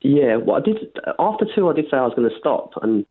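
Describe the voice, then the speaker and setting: Guy calling in on a crackly phone line, normal pitch, keen and earnest. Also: very animated, fast talker. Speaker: caller. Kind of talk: phone-in chat.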